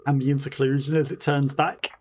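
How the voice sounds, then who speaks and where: A man hosting a let's play, reading in-game letters and clues aloud haltingly, with fillers and self-corrections. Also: mid-range voice, flat delivery, a little mellow, a little hiss or hum.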